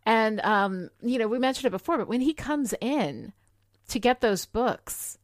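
A woman's voice: a little high, lively intonation, unhurried, no room sound, clean studio sound. A woman co-hosting a casual chat about a TV episode, enthusiastic and full of "you know" fillers. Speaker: podcast co-host.

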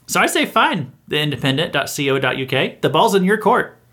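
A man's voice: fairly high pitch, big pitch swings, fairly quick, a bit bright. A man hosting a satirical news show, delivering a mock-earnest, sarcastic monologue with hesitant restarts.

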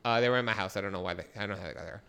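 A young man co-hosting a podcast, telling stories in casual chat with loud outbursts and plenty of swearing. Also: fairly low pitch, rapid-fire, smooth. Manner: animated storytelling with loud outbursts; frequent swearing. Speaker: podcast co-host.

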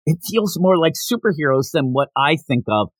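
Animated man recapping a manga. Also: a little high, dry recording. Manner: animated, quick recaps with laughs and quoted lines. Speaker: podcast co-host. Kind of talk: casual chat reviewing manga.

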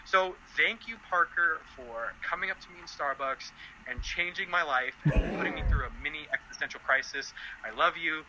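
Animated young man with a bright voice. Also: normal speed, slight background noise, rough recording. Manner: animated, laughing often, voice jumping high in quotes. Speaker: podcast guest. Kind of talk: casual storytelling chat.

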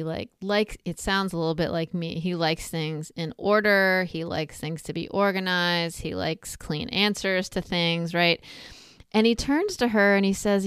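A woman's voice: lowish voice, clean tone, no room sound, studio quality. A woman talking casually, retelling a film scene with asides and comparisons. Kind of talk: casual spoken reflection.

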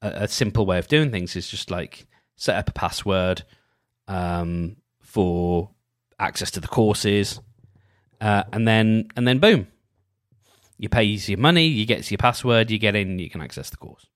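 Low-voiced man musing in a dry close mic. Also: unhurried, no room sound. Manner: rambling, full of restarts and "you know". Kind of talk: casual solo monologue.

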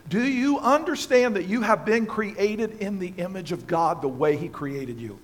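High-voiced preaching man. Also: lively intonation, moderate pace. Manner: passionate, emphatic preaching with repeated phrases. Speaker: pastor. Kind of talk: sermon. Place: church sanctuary with congregation.

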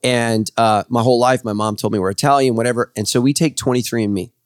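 A man in his forties, a pastor hosting a podcast, telling stories loudly with quick laughs. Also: medium pitch, no echo, studio quality. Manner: loud, lively storyteller, quick laughs. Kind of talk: casual podcast chat. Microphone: studio podcast microphone.

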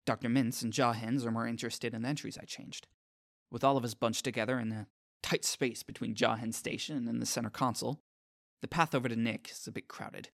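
Earnest guy reading a first-person story, mid pitch, dry close mic. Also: steady tone, a little fast, vocal fry, no room sound. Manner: earnest, self-conscious inner monologue. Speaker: narrator. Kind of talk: scripted first-person narration.

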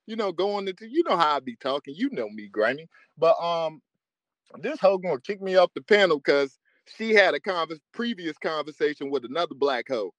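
Hosting a live audio room, a man rants crudely to listeners, cursing and laughing frequently. His voice sits high, with no echo in the recording.

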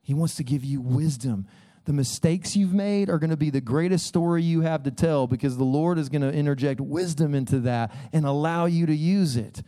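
A man's voice: on the high side, moderate pace, mellow. A man in his thirties preaching a sermon in a church, earnest and conversational, often calling on listeners to listen. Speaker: pastor. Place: church sanctuary.

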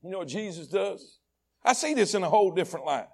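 A very high-voiced man preaching a sermon. He stacks repeated phrases in rhythm and drops to a near hush before climbing to shouted peaks. His delivery is heartfelt and impassioned. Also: lively intonation, fast, slightly rough. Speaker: pastor.

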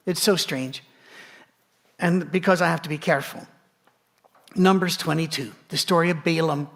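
Male pastor, higher pitch, gravelly, relaxed and wry in the pulpit. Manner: conversational, joking asides. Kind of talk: sermon.

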